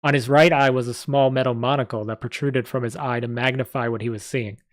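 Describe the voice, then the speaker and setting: A man's voice: mid-range voice, steady tone, brisk, no echo. Man, live story reading, plain reading voice, small slips, dry close sound. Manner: reads aloud with small slips and asides. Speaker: story reader.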